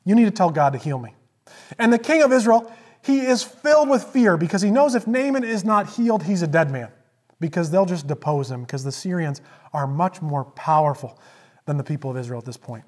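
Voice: medium pitch, a little fast. Preacher retelling a scripture story. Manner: storytelling with emphatic repetition; swings between loud emphasis and hushed asides. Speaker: pastor. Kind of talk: sermon.

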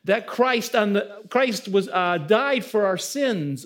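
High-voiced man preaching a sermon. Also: animated, takes it slowly, hardly any pauses. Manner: preaching with rising emphasis and audience questions. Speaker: pastor.

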